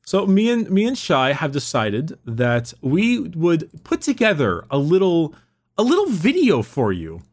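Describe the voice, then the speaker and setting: Rambling, slightly high-voiced man. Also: huge pitch swings, a little slow. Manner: rambling, swears, heavy use of "like". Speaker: podcast co-host. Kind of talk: casual chat.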